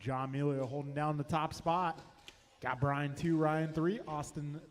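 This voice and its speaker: Race announcer, male, fairly high voice, brisk calls of lap times, echoing venue with faint hum. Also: fairly even intonation. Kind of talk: race commentary.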